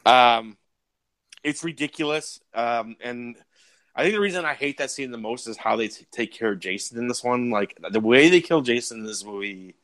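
A man co-hosting a movie podcast, talking casually with wry, profane humor. His voice sits at an ordinary pitch. The recording is dry and close, with no room sound. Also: moderate pace, fairly bright tone, no room sound. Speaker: podcast co-host. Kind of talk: casual movie review chat.

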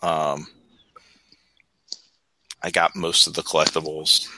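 A man in a relaxed, casual podcast chat, dotting his speech with ums and uhs. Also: a bass voice, slow, no room sound, poor audio. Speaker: podcast co-host. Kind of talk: casual chat over a video call.

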